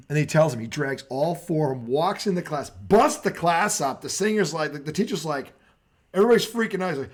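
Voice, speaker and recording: A man's voice: a little high, lively intonation, brisk. A man co-hosting a casual sports talk show, telling stories animatedly with swearing and laughter. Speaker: co-host.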